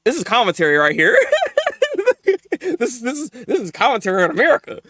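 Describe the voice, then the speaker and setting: Excitable man reacting live, lively pitch. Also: a little fast, no room sound. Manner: excitable, laughs often, talks to chat. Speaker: streamer reviewing manga live. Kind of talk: live reaction stream, casual chat.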